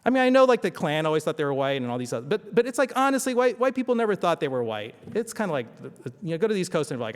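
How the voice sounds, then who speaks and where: A man's voice: on the high side, big pitch swings, quick pace. A man giving a conversational history lecture at a symposium, often asking the audience rhetorical questions. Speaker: symposium speaker. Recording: long hall reverb.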